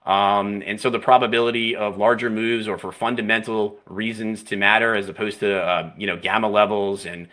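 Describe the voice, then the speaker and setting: A man gives market analysis during a live trading stream. He talks fluently and analytically, often tagging his phrases with "right?" and "you know." His voice sits low but has a bright, crisp edge. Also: flat delivery, moderate pace, hardly any pauses.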